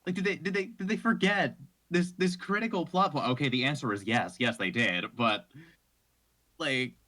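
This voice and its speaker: A man's voice: a little high, normal speed, bright, forceful tone. A young man in casual chat critiquing a film, dry and argumentative with some swearing. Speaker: co-host.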